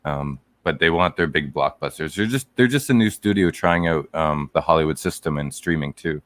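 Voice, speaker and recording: A man's voice: rumbling low, moderate pace, a bit bright, dry recording. A man co-hosting a casual podcast chat, rambling with lots of fillers. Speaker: podcast co-host.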